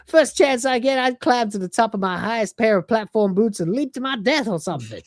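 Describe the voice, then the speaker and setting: A cocky, self-adoring male cat-man brags loudly, his voice pushed up high and swinging wide, as a woman puts him on. He is careless and thoughtless, and the sound is close and dry. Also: lively intonation, brisk, dry recording, close to an everyday voice. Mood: boastful.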